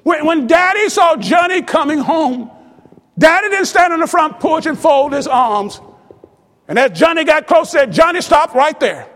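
A man preaching a sermon with fervent repetition that rises to shouts. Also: extremely high pitch, animated, measured pace. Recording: long reverb of a large hall.

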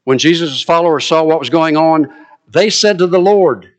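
Man, preacher, dramatic storytelling sermon, somewhat high voice. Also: moderate pace. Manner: dramatic, vivid retelling.

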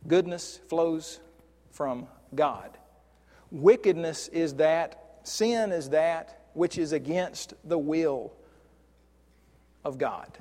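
A man preaching a sermon in a conversational way, often restarting and drawing out key words slowly. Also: on the high side, darkish tone. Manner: conversational, with frequent restarts and slow stressed words. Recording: long hall reverb.

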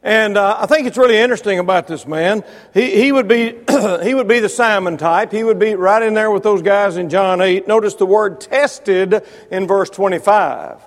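A man preaching a sermon, building to loud emphatic peaks, then dropping low, with wry asides to listeners by name. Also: normal speed. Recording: long reverb of a large hall.

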